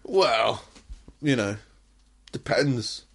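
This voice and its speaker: A man chatting casually, wry and quick to laugh at dark jokes. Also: mid-range voice, animated, gravelly, husky. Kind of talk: casual chat.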